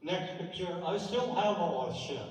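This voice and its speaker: An older man with a fairly high voice tells stories in a relaxed, chatty way as he clicks through old photos. He sounds distant from the mic, and his voice rings around a large echoing theater with a long reverb tail. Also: unhurried. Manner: chatty, anecdotal, with dry asides. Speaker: speaker presenting a slideshow. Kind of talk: casual reminiscing talk over slides. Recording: echoey hall, distant from mic.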